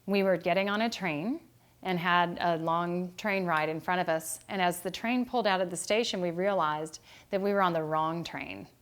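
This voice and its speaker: A middle-aged woman teaching a devotional Bible study lesson, speaking in a calm and gentle way. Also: on the low side. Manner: calm and gentle, growing quieter toward a meditative close. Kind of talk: reflective devotional talk.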